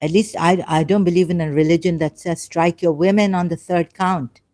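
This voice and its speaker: A woman hosting a casual livestream on religion, talking haltingly with many fillers and apologies, then pressing rhetorical questions. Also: lowish voice, steady tone, warm tone. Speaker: livestream host. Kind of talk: casual live-stream talk on religion.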